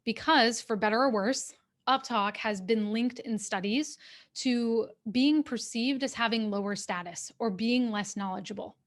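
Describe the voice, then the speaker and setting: Woman coach giving clear, steady advice. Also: fairly high pitch, unhurried. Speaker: executive coach. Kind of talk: workshop talk. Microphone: webcam on a video call.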